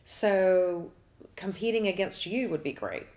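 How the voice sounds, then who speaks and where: A woman's voice: fairly low pitch, expressive, a little slow, darkish tone. A woman hosting a talk show as an astrologer, chatting casually with blunt asides and frequent laughs. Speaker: astrologer host.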